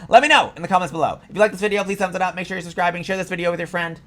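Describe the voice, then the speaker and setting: A man's voice: high-pitched, racing, fairly bright tone. A man hosting a vlog, delivering a heated, profane reaction rant. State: sweaty after ranting. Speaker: political commentary vlogger.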